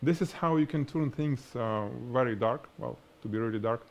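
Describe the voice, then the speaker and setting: A photography instructor with a heavy Russian accent teaches lighting during a live-stream lesson, his pitch right in the middle for a man. He speaks at normal speed in an animated, hands-on way, explaining through a demonstration and laughing at himself. The sound is lo-fi.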